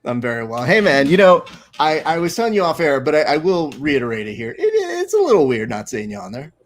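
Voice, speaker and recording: A man's voice: fairly high pitch, wildly swooping pitch, brisk. A man hosting a casual watch-along show, chatting and teasing his guest with frequent laughs. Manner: joking, teasing, laughs often. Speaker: show host.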